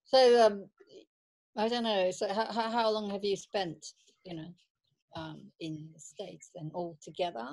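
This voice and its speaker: A woman's voice: mid-range voice, steady tone, measured pace, darkish tone, dry recording. A woman chatting on a podcast, asking lots of questions in a teasing, slightly hesitant way. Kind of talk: casual chat.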